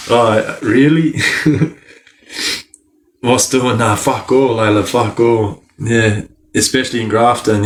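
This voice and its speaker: An Australian man hosts a casual livestream at an unhurried pace. He talks in easygoing slang and laughs often as he greets viewers by name and answers the chat. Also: on the low side, a bit bright. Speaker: livestream host reading chat.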